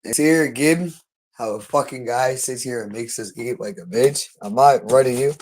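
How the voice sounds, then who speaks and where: Male livestreamer, unscripted solo monologue, insistent and repetitive, middle pitch. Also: normal speed, noisy background.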